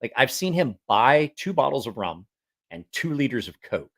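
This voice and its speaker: A man's voice: medium pitch, sing-song, moderate pace, fairly bright tone. Rambling, chatty man telling stories. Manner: rambling and chatty, with frequent fillers and restarts; frank, self-mocking humor. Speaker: vlogger. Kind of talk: casual storytelling monologue.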